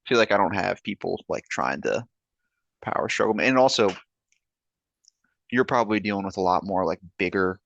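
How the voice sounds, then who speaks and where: Young male podcast guest, low gravelly voice, hesitant and easygoing. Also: expressive, normal speed, long pauses, a bit bright, muffled recording. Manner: laid-back, hesitant, lots of fillers. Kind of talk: casual chat.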